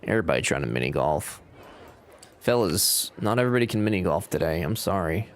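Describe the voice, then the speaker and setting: A man's voice: low-pitched, fairly quick. A man streaming a game live, chatting casually, joking around and reading out chat messages. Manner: jokey, animated, reads chat aloud.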